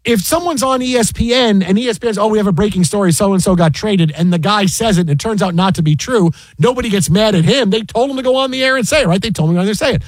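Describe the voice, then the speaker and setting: A man who works as a sports broadcaster, telling an animated anecdote with many restarts and an incredulous tone. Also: sits high, quick pace, hardly any pauses, dry recording.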